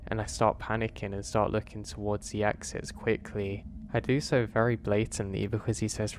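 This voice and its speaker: A man, narrating a first-person horror story in a steady, earnest way. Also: fairly low pitch, moderate pace, vocal fry, a little hiss or hum.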